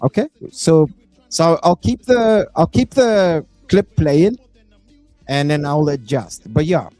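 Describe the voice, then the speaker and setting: A South African man doing live reaction commentary, animated and prone to bursting into shouts and whoops. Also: fairly high pitch, takes it slowly, no echo, soft background music. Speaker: reaction streamer.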